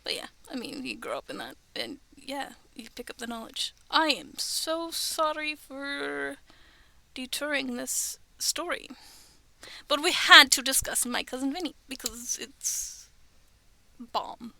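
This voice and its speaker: A woman's voice: high voice, sing-song, a little slow, gravelly, sharp tone. A young woman streaming from her bedroom, chatting in a rambling, giggly way that often drops to a whisper. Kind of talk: casual chat on a livestream.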